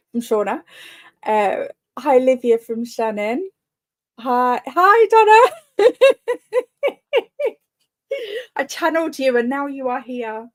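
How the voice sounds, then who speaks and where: A woman hosting a live reading sprint, chatting casually and greeting commenters by name, often laughing. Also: on the high side. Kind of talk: casual live-stream chat.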